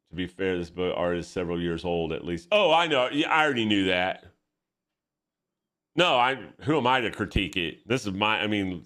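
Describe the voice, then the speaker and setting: A man chatting casually while drawing at his art desk, excitable, profane and rambling. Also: on the low side. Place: home art desk with camera setup.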